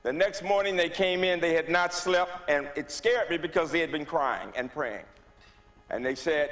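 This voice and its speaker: A man, giving a personal testimony as a guest speaker, moving from hushed tones to rising, forceful delivery. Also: fairly high pitch, moderate pace. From Birmingham, Alabama. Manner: dramatic storyteller, swings from hushed to rising loud. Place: church. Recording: long reverb of a church hall.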